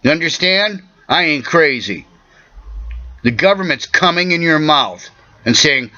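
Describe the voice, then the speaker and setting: A man ranting angrily into the camera, profane and insistent, his voice hoarse and catching. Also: fairly high pitch, lively intonation, a little slow, bright, forceful tone, dry recording, dull audio. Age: 40s. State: hoarse, coughing. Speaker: vlogger. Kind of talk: angry personal rant to camera.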